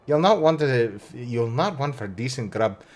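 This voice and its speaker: A gruff, hearty tavern keeper with a thick, rolling brogue, as a man puts him on. He booms his lines with hammy flourish, like a rough old sea dog holding court over a game quest. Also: animated, unhurried, darkish tone, natural voice. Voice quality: thick put-on Glasgow-style brogue. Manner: reads game dialogue aloud with hammy flourish.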